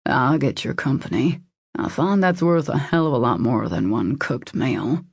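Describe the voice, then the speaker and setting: A woman voicing a confident, calm adult man who speaks in a smooth, assured and gently teasing way in an audiobook. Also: rumbling low, normal speed, no room sound, clean studio sound, exaggerated voice. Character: confident, calm adult male boss and suitor. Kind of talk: audiobook character voice.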